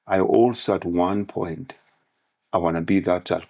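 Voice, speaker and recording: Man, very low voice, gravelly, podcast guest, parable-telling. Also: measured pace, mellow. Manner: preaching in parables and analogies. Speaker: guest speaker on manhood. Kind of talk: podcast conversation with storytelling.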